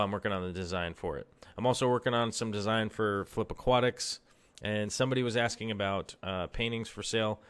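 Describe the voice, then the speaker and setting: Relaxed male stream host, low and smooth, rambly and casual. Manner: rambling, laid-back, many fillers. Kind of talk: casual live stream chat.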